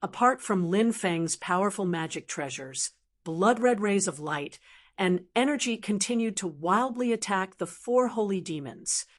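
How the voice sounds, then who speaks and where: Female audiobook narrator, steady even read of a fantasy novel, mid-pitched voice. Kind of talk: scripted narration.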